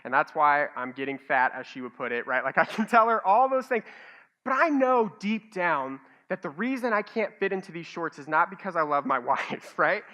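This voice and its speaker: A man preaching a sermon as a pastor, telling stories with animated, self-mocking humor. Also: fairly high pitch, moderate pace. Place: church stage.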